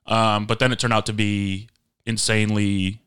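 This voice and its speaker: A young man co-hosting a podcast, chatting in a laid-back, slangy way with lots of drawn-out fillers. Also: fairly low pitch, little pitch movement, a bit bright, clear, resonant tone. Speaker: podcast co-host. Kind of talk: casual chat.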